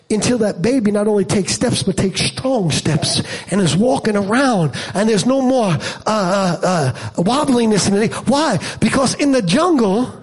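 A man preaches as pastor in a slightly rough voice, emphatic as he swings between quiet narrative asides and loud peaks. He adds humor and throws rhetorical questions to the congregation.

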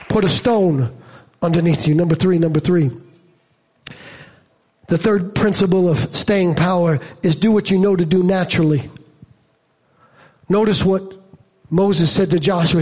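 A man preaching a sermon as pastor, emphatic, swinging from low storytelling asides to loud peaks, with humor and rhetorical questions to the congregation. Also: normal speed, pauses often, husky.

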